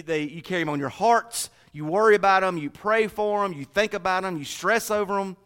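A man's voice: sits high, fairly bright tone. A middle-aged man preaching a sermon in a folksy, joking way, speaking straight to the congregation. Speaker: pastor.

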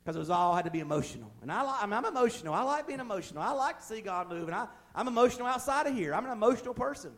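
Fervent high-voiced male preacher. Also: lively intonation, racing, few pauses. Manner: fervent preaching that swells from quiet to loud; folksy, plain-spoken, with humorous asides. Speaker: pastor. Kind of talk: sermon. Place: church.

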